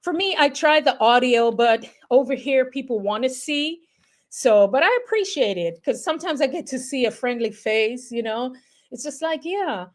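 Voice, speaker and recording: High-voiced Jamaican woman chatting on a livestream. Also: expressive, normal speed. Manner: chatty, reads viewer comments aloud, laughs often. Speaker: livestream host. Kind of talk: casual livestream chat. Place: home in New York.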